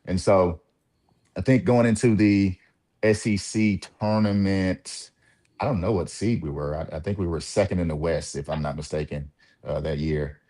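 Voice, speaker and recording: A man from Mississippi with a very low voice talks through his college basketball days as an interview guest. He is relaxed and reflective, leaning on fillers and small laughs. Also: moderate pace. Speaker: former college point guard, guest. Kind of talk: casual interview talk.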